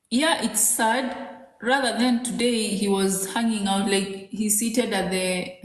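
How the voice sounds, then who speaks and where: A woman in her thirties from Kenya talks through parenting in a loose, chatty way, full of "um" and "like". Her voice sits at a middle pitch. The room around her sounds echoey. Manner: chatty, rambling, many fillers. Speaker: podcast co-host. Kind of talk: casual chat.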